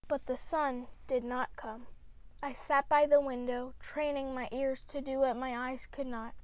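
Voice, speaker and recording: A woman reading a children's picture book aloud, with gentle, expressive storytelling. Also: high-pitched, a little slow, no echo. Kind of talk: read-aloud storybook narration.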